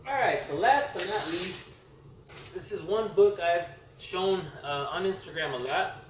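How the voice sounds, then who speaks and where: A man casually shows off his comic collection on camera, rambling with many fillers and correcting himself. His voice sits high and his pace is measured. The distant mic picks up a roomy echo and faint hiss.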